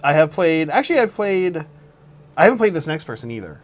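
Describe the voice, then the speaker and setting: Man telling a slow mock-scary roast. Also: a little high, very animated. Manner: laughs often, halting restarts, slows for dramatic storytelling. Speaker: co-host. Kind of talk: casual chat, reading a comic roast.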